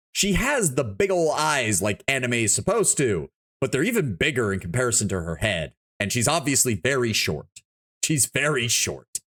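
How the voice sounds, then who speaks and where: A male streamer with a mid-range voice rambles off the cuff in a loose, casual live-stream chat, his pitch swinging widely up and down. He's animated and swears freely, thinking out loud, tripping over his words and starting over again and again.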